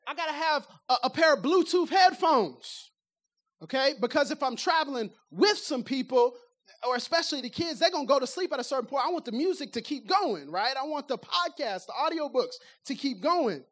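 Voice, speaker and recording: High-voiced woman preaching a lively sermon. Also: brisk. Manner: lively, conversational, rhetorical questions to the audience; acts out everyday speech to make points.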